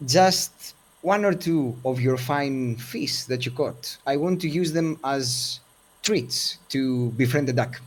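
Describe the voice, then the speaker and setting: A man's voice: medium pitch, slow pace. A man playing a tabletop game, speaking to the game master and in character with formal, flowery phrasing. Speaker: player. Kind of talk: in-character role-play and table talk.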